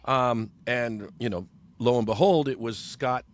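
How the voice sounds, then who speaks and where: A man's voice: medium pitch, measured pace, a little hiss or hum. Rambling, stammering man in his fifties. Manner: rambling, stammering repeats of words. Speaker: podcast guest. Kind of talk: casual storytelling.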